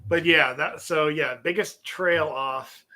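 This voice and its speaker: Bright-voiced man hosting a crude, giggly podcast. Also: fairly high pitch, slow. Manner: laughs constantly, crude joking. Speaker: podcast host. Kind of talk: casual podcast banter.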